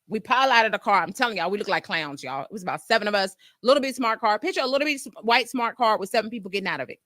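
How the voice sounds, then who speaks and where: A woman nurse hosting her own show, chatting to listeners in a lively way and acting out her own past reactions. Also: mid-range voice, quick pace, hardly any pauses, no echo, studio quality. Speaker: nurse and podcast host. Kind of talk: casual storytelling to listeners.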